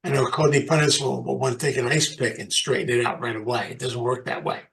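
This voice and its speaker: A man's voice: medium pitch, quick pace, gravelly, a bit bright, poor audio. An older man giving an informal motivational talk to a recovery group, conversational and repeating phrases for emphasis. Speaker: recovery program speaker.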